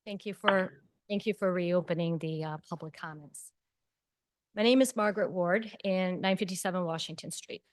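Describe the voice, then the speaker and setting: A woman's voice: fairly low pitch, moderate pace. A woman resident reading a prepared public comment at a city meeting, pointed and at times sarcastic.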